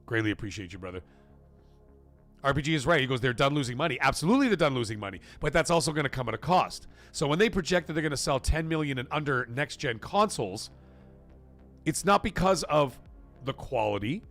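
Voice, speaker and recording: A man hosting a live stream, talking in a casual, emphatic and repetitive way, his voice getting hoarse. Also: medium pitch, animated, fast, fairly bright tone, faint music behind. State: voice going hoarse. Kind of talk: casual live-stream chat reading donations.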